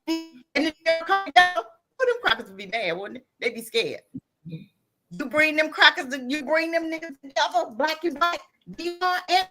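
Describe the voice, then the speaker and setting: A woman giving blunt, impassioned commentary as a guest on a podcast. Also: sits high.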